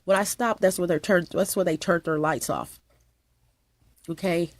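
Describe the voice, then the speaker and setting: Woman, stuffy nose, fry in the voice, rambling monologue, restarts and repeats. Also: on the low side, normal speed, dry recording. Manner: repetitive, emphatic, with frequent restarts. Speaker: channel host.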